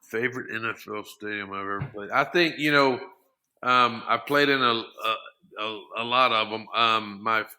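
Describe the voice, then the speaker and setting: A man's voice: on the low side, normal speed, bright, forceful tone, smooth. A middle-aged man, a former football lineman, talking earnestly as a podcast guest, often restarting and repeating his words. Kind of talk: casual interview talk.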